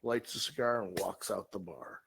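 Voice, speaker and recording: A man's voice: on the low side, normal speed, creaky, slightly rough, poor audio. A man co-hosting a comedy show, telling a made-up bar-fight story with lots of swearing. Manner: profane, energetic storyteller. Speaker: podcast co-host.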